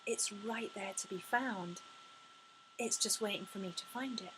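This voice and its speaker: A woman speaking as a spiritual life coach in an inspirational talk to camera, effusive and expressive, often sighing and gasping as she speaks. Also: mid-range voice, a little slow, noisy background. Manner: effusive and expressive, with frequent sighs and gasps.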